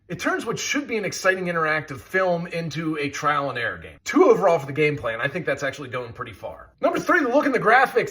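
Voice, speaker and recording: Bright and forceful, this somewhat high male voice delivers casual review commentary on a video game. He stays enthusiastic and chatty throughout, with scoring asides along the way.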